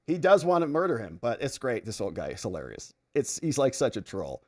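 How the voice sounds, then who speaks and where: A man's voice: medium pitch, big pitch swings, fairly quick, few pauses. A middle-aged man hosting a livestream in casual chat, reading viewer comments aloud and telling jokey stories. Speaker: livestream host.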